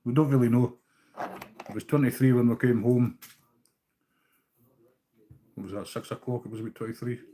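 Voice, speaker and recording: A man's voice: mid-range voice, fairly even intonation, moderate pace, long pauses, warm tone, a little hiss or hum. A Scottish man hosting a live stream, chatting casually with viewers as he ties fishing flies, easygoing and now and then swearing. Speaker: livestream host tying fishing flies. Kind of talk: casual live-chat while working.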